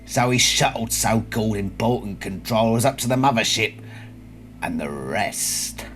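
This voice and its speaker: A man voicing a bitter, vengeful male alien slug in a human host, in a Cockney accent, reading book lines in a low, hushed, seething way. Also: unhurried, soft background music. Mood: grieving. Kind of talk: dramatic reading of a book passage.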